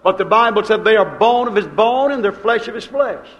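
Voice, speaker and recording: A man with a notably high voice preaching a sermon. He repeats key phrases for emphasis and swings between hushed lines and loud, forceful declarations. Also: animated, a little fast, lo-fi sound.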